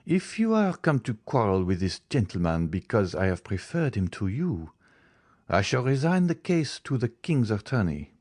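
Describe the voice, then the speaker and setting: A man's voice: fairly low pitch, sing-song, normal speed, darkish tone. A man voicing a proud, frightened older banker with a haughty, indignant way of speaking.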